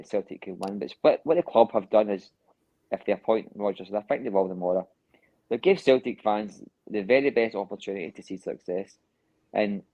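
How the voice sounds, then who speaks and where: Low, mellow man mulling it over. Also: no room sound. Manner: thoughtful, hesitant with restarts. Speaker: podcast co-host. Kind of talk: casual podcast chat. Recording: dry, slightly dull lo-fi sound.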